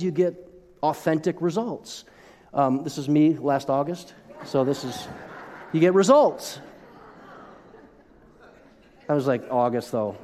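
A middle-aged man preaching a sermon as pastor, animated, with joking asides and frequent restarts. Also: a little high. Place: church sanctuary. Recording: long hall reverb.

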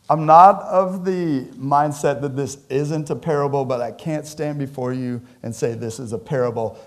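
This church sermon comes from a pastor who is animated and talks with his congregation as if chatting, slipping in jokes. His voice shifts widely in pitch and loudness.

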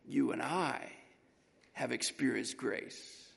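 A man preaching a sermon through an animated, emphatic story. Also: medium pitch, takes it slowly, gravelly, husky. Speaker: pastor. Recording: long reverb in a large hall.

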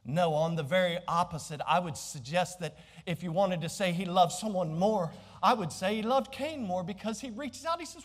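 Male pastor, very high voice, emphatic and repetitive sermon delivery, long hall echo. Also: animated, moderate pace, few pauses. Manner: emphatic, repeats key phrases.

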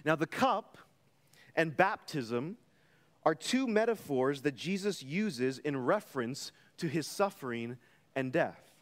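A man preaching from the pulpit with a high, lively voice that rises and falls. He takes his time, leaning on each phrase with emphatic weight. The sound rings out with the long reverb of a church hall. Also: takes it slowly. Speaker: pastor. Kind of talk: sermon.

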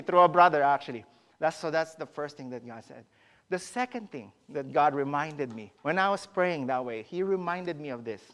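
Male preacher, very lively pitch, questions the congregation as he preaches. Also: moderate pace. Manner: animated, questions the congregation directly. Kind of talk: sermon.

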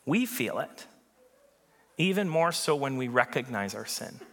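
A man preaching a sermon as pastor, earnest and emphatic, with dramatic pauses. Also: medium pitch, very animated, a bit bright, long reverb tail.

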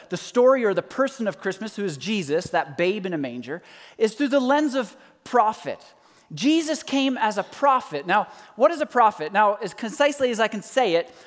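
A man in his thirties preaching a sermon as lead pastor, conversational and joking, with repeated rhetorical questions. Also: high voice. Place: church hall. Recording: church hall with long reverb.

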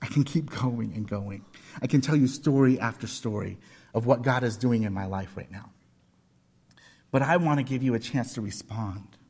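A man's voice: medium pitch, normal speed, darkish tone, slightly rough. A man in his forties preaching a sermon, telling personal stories with earnest, emphatic repetition. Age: 40s. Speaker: pastor. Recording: long hall reverb.

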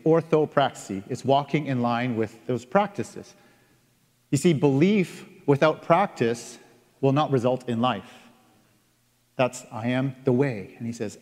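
A man's voice: medium pitch, a little mellow. Guy preaching a sermon, earnest, leans on the big words, mid voice, church hall echo. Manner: earnest, reads scripture aloud with emphatic pauses. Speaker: pastor. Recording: long reverb of a large hall.

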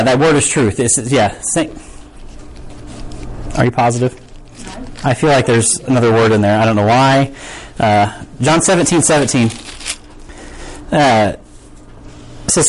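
A man preaching to his congregation in a relaxed, conversational way rather than a formal one. His voice sits a bit high for a man. He checks in with listeners with a quick "right?" and stumbles over a word now and then. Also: low-quality recording. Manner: chatty, asks "right?" often, loses his place and laughs it off. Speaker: pastor. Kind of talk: casual conversational sermon.

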